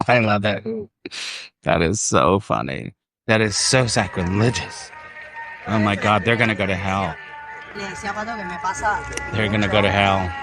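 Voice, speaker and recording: A man's voice: on the low side, measured pace, long pauses, music in the background. A man hosting a casual livestream outdoors in a park, rambling, easily distracted and laughing often. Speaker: livestream host. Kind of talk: casual chat. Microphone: phone.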